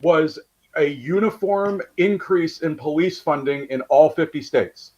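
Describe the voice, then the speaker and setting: A man talking politics in casual chat, blunt and profane, halting with many fillers. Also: a little high, steady tone, darkish tone, highs cut off.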